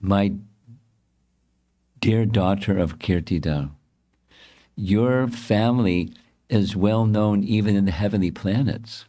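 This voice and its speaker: A man's voice: fairly low pitch, takes it slowly, pauses often, warm tone. A man voicing a respectful village messenger who answers politely and formally. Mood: courteous.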